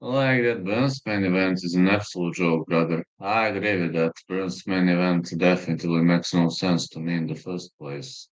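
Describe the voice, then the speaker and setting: A man hosting a casual live stream, reading viewer comments and answering them bluntly, with frequent profanity and filler pauses. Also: low-pitched, steady tone. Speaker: livestream host.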